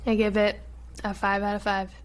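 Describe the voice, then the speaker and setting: A young woman in easy, excited conversation about a novel she loved. She laughs readily and retells scenes with lively enthusiasm, her voice sitting at an everyday middle pitch. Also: normal speed, a little hiss or hum. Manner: animated, laughs often, fond of retelling scenes. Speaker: podcast co-host. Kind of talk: casual book-review chat.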